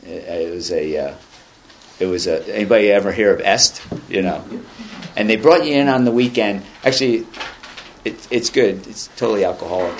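Sharing at a recovery meeting in an indoor meeting room, a low-voiced man reads passages aloud and talks about them. His casual comments wander conversationally and carry a dry, self-deprecating humor, with a bit of background noise in the room.

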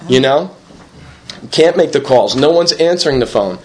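A man's voice: medium pitch, animated, normal speed, darkish tone. Rambling New man telling his story. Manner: rambling, full of "you know" fillers, acts out others in quotes. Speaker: speaker sharing his story at a recovery meeting. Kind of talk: candid personal testimony.

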